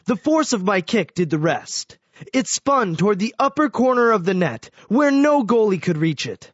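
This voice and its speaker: A man reading a first-person story aloud as scripted audiobook narration, telling it in an animated way. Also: sits high, moderate pace, no room sound, highs cut off.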